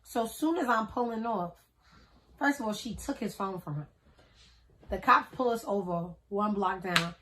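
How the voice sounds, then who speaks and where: Woman vlogger, thirties, casual storytelling to a tripod camera, slangy and lively, acts out each character. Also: medium pitch, normal speed, a little hiss or hum. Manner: animated, slangy, acts out the people in her story.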